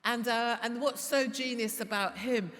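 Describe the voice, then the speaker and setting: A woman talking as a podcast guest before a live audience, impassioned and swearing, laughing, and rising to shouts. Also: fairly high pitch, a little slow. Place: large church hall before a live audience. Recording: echoey hall with audience noise.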